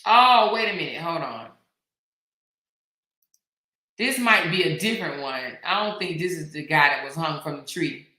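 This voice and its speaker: A woman's voice: low voice, lively intonation, brisk, pushed and bright, echoey room. A middle-aged woman hosting a casual live stream, chatty and slangy, reading viewer comments aloud. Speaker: host.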